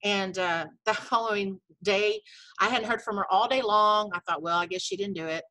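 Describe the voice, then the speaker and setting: Bright, chatty middle-aged woman storyteller. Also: medium pitch, moderate pace, dry recording, low-quality recording. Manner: chatty storyteller, many fillers and quoted dialogue. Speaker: network marketing distributor sharing her story. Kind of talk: casual personal testimony. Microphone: video call.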